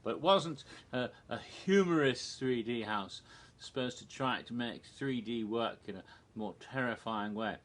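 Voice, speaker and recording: Man, bright tone, rambling casual storytelling, lots of ums and restarts. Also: medium pitch, unhurried. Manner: chuckles at his own jokes. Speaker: theme park history podcaster.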